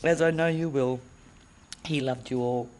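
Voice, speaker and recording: A woman giving a fond, gently reminiscing eulogy for her brother at a funeral. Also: rumbling low, fairly even intonation, unhurried, low-quality recording. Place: funeral service.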